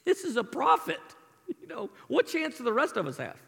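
A man preaching a sermon with impassioned rises and soft, intimate drops. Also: very high voice, huge pitch swings, normal speed, gravelly. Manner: impassioned, rising to near shouting then dropping to a soft intimate tone. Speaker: pastor. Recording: long hall reverb, preaching in a large room.

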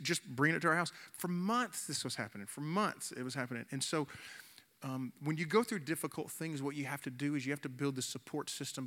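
A man's voice: fairly high pitch, sharp tone. A man preaching a sermon in an earnest way, often repeating words as he goes and acting out the people in his stories. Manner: earnest, repeats words, acts out quoted voices. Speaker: pastor. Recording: long reverb of a large hall.

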